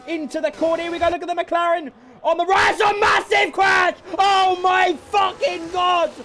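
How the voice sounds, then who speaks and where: A man giving excitable, swear-filled live commentary on a sim race, often laughing in disbelief. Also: extremely high pitch, a little hiss or hum.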